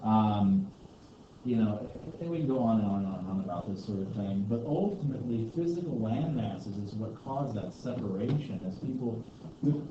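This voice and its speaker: A man teaching a history class in a loose, rambling way, full of asides and fillers. He is picked up from across an echoey room, and the recording sounds dull and muffled with steady background noise. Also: on the low side, moderate pace, distant mic. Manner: chatty, rambling, heavy on "you know" and "like". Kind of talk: classroom lecture with discussion. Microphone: distant room mic.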